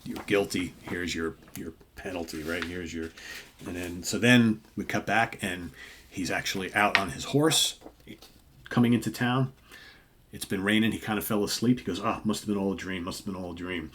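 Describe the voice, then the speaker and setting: Deep-voiced older man retelling comics. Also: moderate pace, slight background noise. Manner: animated storyteller, acts out dialogue with filler words. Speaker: comic book show co-host. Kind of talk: casual retelling of comic stories.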